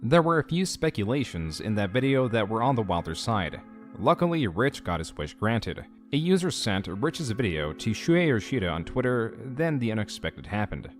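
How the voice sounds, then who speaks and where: Man, scripted documentary narration, lively pitch, measured and critical, soft music underneath. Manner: measured, critical, even delivery. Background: faint background music.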